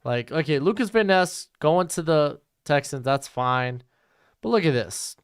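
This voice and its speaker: A man's voice: on the high side, animated, a little slow, smooth. A young man hosting a live-streamed mock draft, talking casually and bluntly and mocking bad trades.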